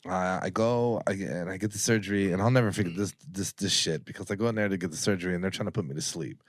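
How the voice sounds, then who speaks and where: A man's voice: low-pitched, fast, no echo. A man telling a personal story on a podcast in a casual, rambling way, swearing freely and acting out what people said. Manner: profane, rambling, acts out quoted people.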